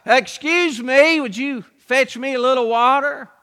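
A preacher voicing a prophet politely asking a favor. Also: male voice, extremely high pitch, a little slow, bright, forceful tone, clear, resonant tone, long reverb tail, full character voice. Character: the prophet Elijah, a traveling man asking a favor.

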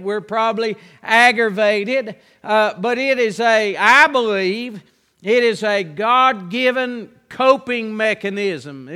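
A man preaching as pastor, reading scripture and then teaching in an earnest, drawn-out way. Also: high-pitched, bright, forceful tone, clear, resonant tone, long reverb tail.

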